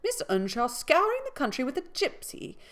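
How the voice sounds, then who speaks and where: A woman voicing a haughty, fussy old lady who exclaims in a high voice while reading a story aloud. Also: wildly swooping pitch, moderate pace, fairly bright tone, full character voice. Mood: shocked.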